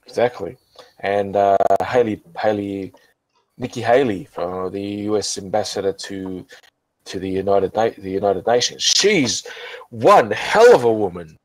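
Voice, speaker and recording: On a group voice call, a drunken channel host with a fairly low voice chats in an unhurried, rambling way, cursing and stopping to start over again and again. The audio is poor in quality but carries no room sound.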